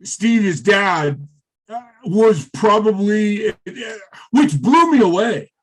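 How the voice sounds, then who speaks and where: A middle-aged former wrestler, a guest in an interview, telling stories in a rambling, profane way with many fillers. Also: male voice, sits high, lively intonation, slow pace. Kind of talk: casual interview storytelling.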